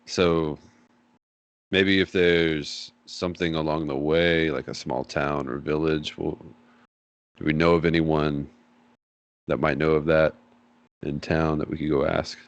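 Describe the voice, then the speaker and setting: A man playing a tabletop game in a very deep voice with a gravelly fry. He speaks hesitantly, pausing often and filling the gaps with fillers. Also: flat delivery. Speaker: player. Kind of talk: casual tabletop play.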